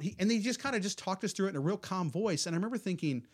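A man's voice: sits high, fast talker, few pauses, slightly rough. A middle-aged man from the American Midwest, a pastor telling a story at a church roundtable and leading a prayer. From Southwest Missouri. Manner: calm storytelling, then fervent prayer.

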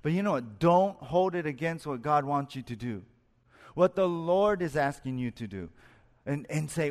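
A man's voice: fairly high pitch, expressive, moderate pace. Earnest male pastor in a reverberant hall. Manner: earnest, rises and falls for emphasis, asks listeners questions. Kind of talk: sermon.

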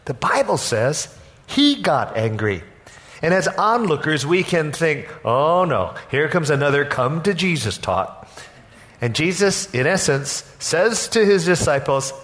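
A man preaches a sermon in a church. His voice sits a little high, and he tells the story in an animated way, slipping into acted-out voices. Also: a little slow. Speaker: senior pastor. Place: church sanctuary.

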